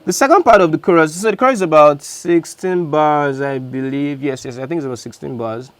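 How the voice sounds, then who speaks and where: A man's voice: on the high side, brisk, faint music behind. Chatty man walking through his beat. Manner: chatty, loose, self-correcting. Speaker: music producer. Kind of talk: casual beat breakdown walkthrough.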